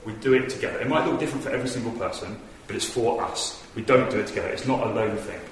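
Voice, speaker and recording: A preacher with a medium-pitched voice races through an earnest, conversational sermon in a church hall, telling stories with animation. The recording is echoey and distant, with noise.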